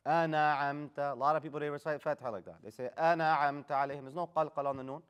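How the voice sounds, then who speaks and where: A man's voice: medium pitch, very fast, fairly bright tone, smooth, lo-fi sound. A man teaching Quran recitation in a class, giving casual, direct corrections and modeling the Arabic sounds. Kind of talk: live tajweed class instruction.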